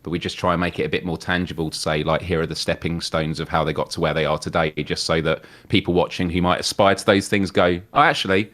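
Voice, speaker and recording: Low-pitched male guest, easygoing talker, casual show chat. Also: flat delivery, fast, hardly any pauses, fairly bright tone. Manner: easygoing, explanatory, loose with fillers. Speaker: guest co-host.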